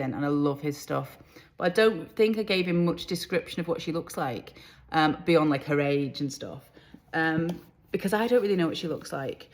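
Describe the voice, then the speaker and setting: A woman author talking casually to camera about books and TV casting, in a chatty, rambling way. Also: fairly low pitch. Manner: chatty, rambling, self-deprecating. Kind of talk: casual vlog chat.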